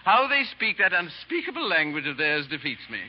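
Sir Percy, a foppish baronet. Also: male voice, a little high, very animated, a little fast. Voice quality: affected drawl, dithering. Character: foppish English baronet, vain and silly. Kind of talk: 1930s radio drama acting. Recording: dull old radio broadcast.

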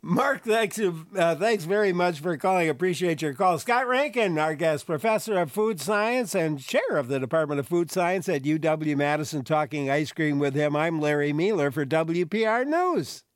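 Radio host guy, easygoing, slightly high voice, dry studio sound. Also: lively intonation, normal speed, hardly any pauses, no echo. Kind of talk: public radio call-in hosting.

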